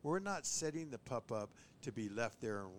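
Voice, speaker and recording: A man who trains bird dogs, chatting on a podcast and giving tips, who often acts out owners and dogs in a higher voice. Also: moderate pace, slight background noise. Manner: animated, mimics owners and dogs in a high voice. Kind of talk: casual podcast chat.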